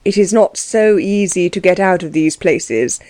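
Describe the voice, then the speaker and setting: A woman's voice: fairly low pitch, animated, a little slow, darkish tone, no echo. A woman reading the part of an insolent male lawyer, speaking curtly and offhandedly, in a dry recording. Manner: curt and offhand.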